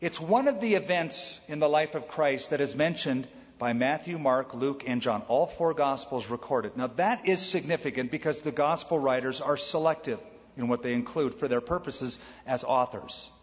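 A man preaches a sermon with a slightly high voice, talking to the room conversationally and dropping in quick quoted lines. The sound is somewhat dull, with a long reverb tail from a large church sanctuary. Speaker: pastor.

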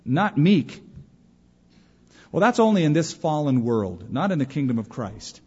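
A man's voice: a little high, a little slow, breathy edge. A man preaching a sermon, telling stories with energy and acting out the voices in them. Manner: animated storyteller who acts out quoted voices. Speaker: pastor. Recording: dull recording with long hall reverb.

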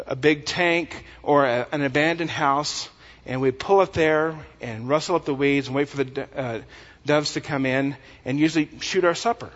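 Folksy pastor, echoey hall. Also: male voice, mid-range voice. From West Texas. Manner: animated, folksy, acts out dialogue with humor. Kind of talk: sermon. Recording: echoey hall, dull lo-fi sound.

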